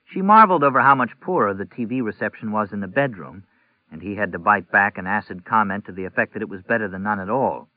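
A man with a low voice reads a novel aloud in a measured, even way. The sound is dry and tinny, like a phone line. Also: no room sound. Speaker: audiobook narrator. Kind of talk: novel narration.

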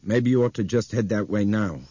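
A man's voice: on the low side, moderate pace, mellow, slightly rough, dry recording, lo-fi sound. A man voicing an insistent passenger who presses the pilot with questions. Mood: probing. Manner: probing, insistent.

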